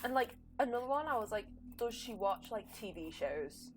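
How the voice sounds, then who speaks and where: A woman's voice: on the high side, expressive, moderate pace, soft background music. A young woman, chatting and rambling with a giggle while she streams a game. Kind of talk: casual live game commentary.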